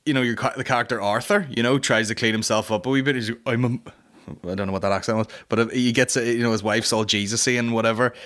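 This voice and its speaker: A man's voice: mid-range voice, fairly even intonation, fast talker, hardly any pauses, fairly bright tone. A man hosting a comedy podcast in a casual, rambling rant that is full of swearing.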